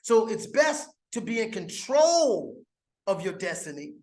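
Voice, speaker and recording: A network marketing promoter giving an excited testimonial, repeating phrases over and over for emphasis. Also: medium pitch, unhurried. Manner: excited and repetitive, stacking phrases. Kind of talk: enthusiastic testimonial monologue. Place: abroad on a trip.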